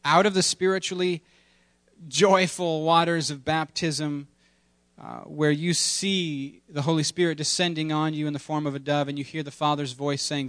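A man's voice: on the high side, level tone, moderate pace, a bit bright, dry recording. A man preaching a sermon in a conversational, humorous way, with playful asides and emphatic repetition. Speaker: pastor.

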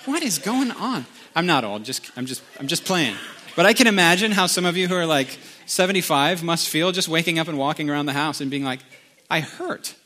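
A man's voice: on the high side, animated, fast, pushed and bright. A middle-aged man, preaching a conversational sermon and slipping into sung lines. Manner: conversational storytelling with sung snippets. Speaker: pastor.

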